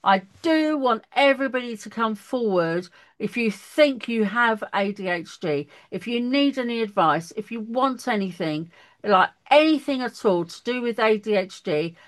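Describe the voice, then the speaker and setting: A woman in her fifties hosting a podcast, chatty and animated, laughing often. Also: fairly high pitch, normal speed. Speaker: podcast host. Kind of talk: casual chat.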